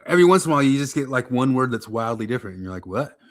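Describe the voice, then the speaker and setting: A man co-hosting a casual podcast chat in an offhand, relaxed manner. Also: mid-range voice, very fast. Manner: relaxed, offhand, many fillers like "um" and "you know". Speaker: podcast co-host.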